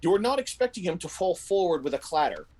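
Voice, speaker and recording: A man with a high voice and a quick pace narrates a tabletop role-playing game as game master, describing the scene in vivid detail. His storytelling is animated and descriptive, with frequent restarts, and the audio is poor.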